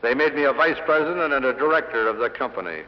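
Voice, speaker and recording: A man's voice: medium pitch, expressive, fast. Middle-aged man, sales lecturer, dry-humored storyteller in a long-reverb hall, dull old vinyl sound. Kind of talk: after-dinner sales speech with anecdotes. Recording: dull 1960 LP of a hall speech.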